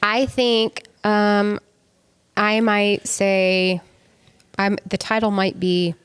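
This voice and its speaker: A woman co-hosting a podcast, soft-spoken and meandering, with many hesitations in casual banter. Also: medium pitch, little pitch movement, drawn-out words, smooth, no room sound. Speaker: podcast co-host.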